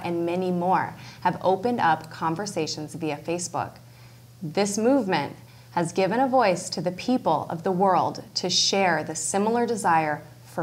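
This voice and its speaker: A woman presenting a news program with a somewhat low voice. She reads her script steadily and earnestly, closing the segment as the show's host.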